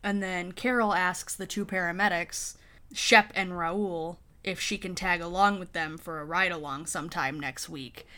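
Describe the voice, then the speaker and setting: A woman co-hosting a podcast, recapping a TV episode in an animated, wry way and acting out the characters' lines. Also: lowish voice, moderate pace. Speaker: podcast co-host. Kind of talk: casual episode recap chat.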